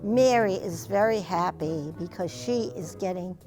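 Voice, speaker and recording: Animated woman with a Merrimack Valley accent. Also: lowish voice, measured pace, over music. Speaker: interviewee. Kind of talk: casual interview.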